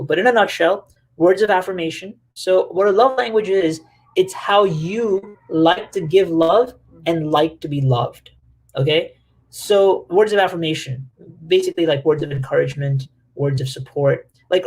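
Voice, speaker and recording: This man's voice runs on the high side at a normal pace. He's leading a relaxed group conversation on relationships, lively and talkative, packing in fillers and acting out quotes for fun.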